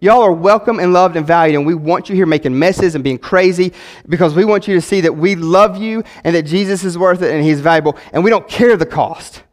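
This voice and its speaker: Man, pastor in his thirties, high-voiced, impassioned preaching with loud and hushed swings, reverberant church hall. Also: brisk. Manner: impassioned, swings between loud exhortation and quiet emphasis. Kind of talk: sermon. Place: church sanctuary.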